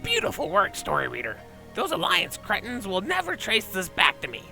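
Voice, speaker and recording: Shrill gravelly goblin crook, greedy and scheming, wildly swooping pitch, soft game music behind. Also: male voice, huge pitch swings, moderate pace, heavily acted, rough recording. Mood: gloating. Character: greedy male goblin smuggler boss, scheming. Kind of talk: game voice-over dubbing.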